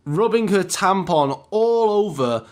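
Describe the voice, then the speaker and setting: Male vlogger, rambling, animated storyteller, slightly high voice. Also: slow pace. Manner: rambling, animated retelling with fillers. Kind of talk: casual storytelling.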